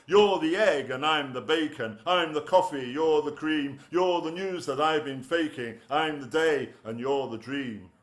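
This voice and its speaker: A man's voice: on the high side, a little slow, few pauses. A man performing his poems live in a studio, punchy and rhythmic, with playful asides between pieces. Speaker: performance poet. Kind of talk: live poetry reading.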